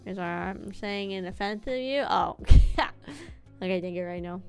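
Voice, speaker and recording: A young woman streamer who talks non-stop while gaming, loose and rambling, with a casual curse now and then. Her pitch sits in an ordinary middle range. Faint game music plays under her voice. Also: moderate pace, gravelly. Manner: chatty, rambling, casually profane.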